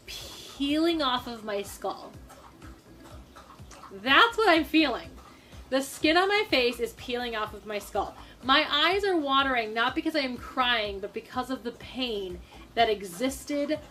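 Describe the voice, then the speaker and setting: A young woman from Minnesota telling a personal story to the camera in a casual, animated way, with quick asides and acted-out quotes. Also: a little high. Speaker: storytime vlogger.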